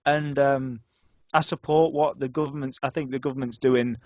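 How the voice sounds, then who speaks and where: A young man from the north of England, co-hosting a casual student radio podcast and telling stories with lots of restarts and sudden jumps in pitch. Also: normal speed, no room sound, muffled recording. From North Yorkshire, England. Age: young adult. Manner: animated storyteller, restarts and stammers, lively pitch jumps. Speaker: podcast co-host.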